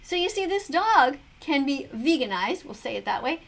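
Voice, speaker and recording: A woman's voice: high voice, sing-song, moderate pace, vocal fry, fairly bright tone. A middle-aged woman giving preachy, earnest commentary on a video, full of rhetorical questions. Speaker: vegan commentator reacting to a video. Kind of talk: casual commentary to camera.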